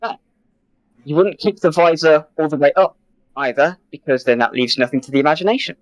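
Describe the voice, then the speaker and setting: Halting, mock-formal British man. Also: a little high, no room sound, rough recording. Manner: mock-formal, hesitant, with many ums and restarts. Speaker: presenter in a comedy sketch. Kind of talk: improvised comedic pitch.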